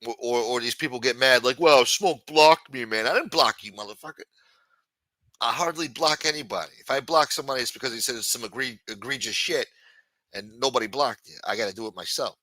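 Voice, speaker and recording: A man's voice: medium pitch, fairly quick, bright, forceful tone, no echo. A man hosting a livestream, ranting with frequent swearing and exasperation. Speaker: livestream host.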